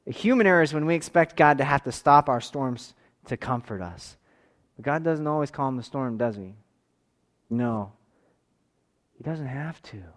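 A man in his thirties preaching a sermon, moving between forceful raised passages and quiet, intimate tones. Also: mid-range voice, animated, normal speed, long pauses. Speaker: pastor.

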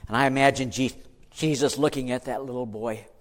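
A man preaching, telling a story in an animated, dramatic way. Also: mid-range voice, a little fast. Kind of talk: sermon storytelling. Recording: long hall reverb.

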